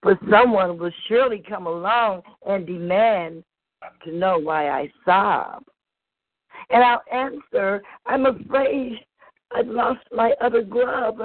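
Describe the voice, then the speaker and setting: A woman's voice: mid-range voice, takes it slowly. Playful woman reading comic verse. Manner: playful, dry comic delivery. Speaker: guest reader. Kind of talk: humorous poetry reading. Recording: dry, tinny phone-line sound.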